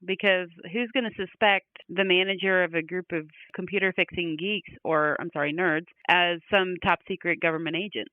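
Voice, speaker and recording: A man's voice: high-pitched, fairly even intonation, moderate pace, hardly any pauses, dry recording. A man co-hosting a casual fan podcast, agreeable and upbeat. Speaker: podcast co-host. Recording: phone-like tinny sound.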